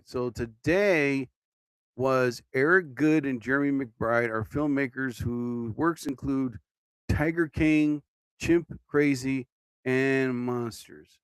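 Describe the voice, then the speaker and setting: A man's voice: medium pitch, clear, resonant tone, dry recording. A tired man hosting his own livestream podcast, rambling casually and yawning as he talks. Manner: drowsy, yawning, meandering talk. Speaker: podcast host.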